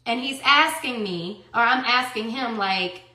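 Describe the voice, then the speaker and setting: A woman telling a personal story in a casual tell-all monologue, emphatic and profane, swinging between hushed and loud. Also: a little high, unhurried, echoey room. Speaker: storyteller recounting personal events.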